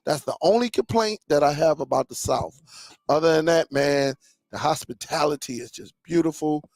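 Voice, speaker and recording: Chatty gravelly-voiced man hosting a live stream. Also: a little high, moderate pace, a little mellow, dry recording. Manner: laid-back, storytelling, chatty with frequent "man". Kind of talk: casual live chat with viewers.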